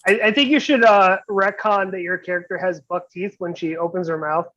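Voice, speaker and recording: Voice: medium pitch, steady tone, brisk, a bit bright. A player in a tabletop game, teasing the others with wisecracks. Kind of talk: casual tabletop banter. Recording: dull lo-fi sound.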